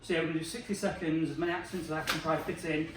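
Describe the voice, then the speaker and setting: A man hosting a casual podcast, excitable and running the segments. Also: on the high side, very fast. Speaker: podcast host. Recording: echoey room, distant mic, crowd behind.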